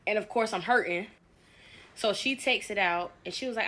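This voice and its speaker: A woman's voice: medium pitch, moderate pace, fairly bright tone. A young woman telling a story-time account in a conversational retelling, acting out quoted dialogue. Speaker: storyteller in clip.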